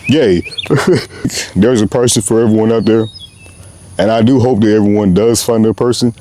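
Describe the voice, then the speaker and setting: A man's voice: fairly low pitch, steady tone, normal speed, dark tone, a little hiss or hum. A young man hosting his own show, talking passionately in a loose, rambling way with lots of slang, outdoors. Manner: passionate, rambling, slangy, often says "bro". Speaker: podcast host. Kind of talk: unscripted heartfelt monologue.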